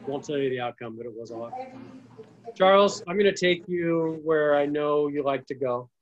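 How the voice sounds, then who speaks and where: A man's voice: fairly high pitch, moderate pace, dull audio, a crowd in the background. A man hosting an interview, friendly and encouraging, asking long questions. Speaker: podcast host. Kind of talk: interview conversation.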